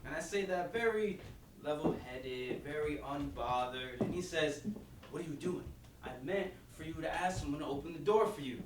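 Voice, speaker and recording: A calm, unbothered teen boy, performed by a young man in a staged reading. He tells his story in a measured, dry way in a slightly high voice. He is heard from a distance in an echoey room. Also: very noisy, lightly acted. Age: young adult. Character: calm, level-headed Black teen boy. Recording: echoey stage filmed from far off.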